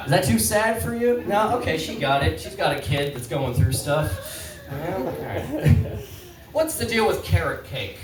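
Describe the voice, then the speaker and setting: A man doing a stand-up set in a pub, rambling and halting in a self-deprecating way. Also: a little high, very animated. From Canada. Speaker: stand-up comedian. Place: pub comedy stage. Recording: roomy pub, distant mic, crowd laughter. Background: audience laughter.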